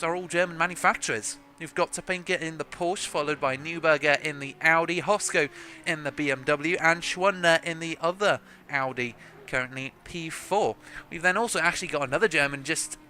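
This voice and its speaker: Bright-voiced chatty male race commentator. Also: fairly high pitch. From South Africa. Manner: chatty, joking, self-deprecating, laughs often. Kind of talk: live sim racing commentary.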